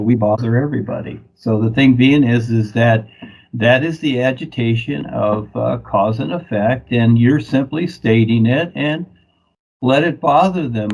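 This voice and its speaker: A man with a gravelly, husky voice talks in a loose, rambling way. He chuckles easily as he wanders from one thought to the next in casual chat. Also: medium pitch, darkish tone, rough recording.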